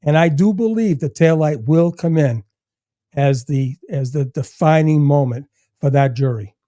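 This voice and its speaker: An older man from Massachusetts, a podcast guest chatting casually, telling stories with lively acted-out lines and plenty of swearing. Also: on the high side, a little slow, no echo, clean studio sound. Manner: animated storyteller who acts out other people's lines and swears freely.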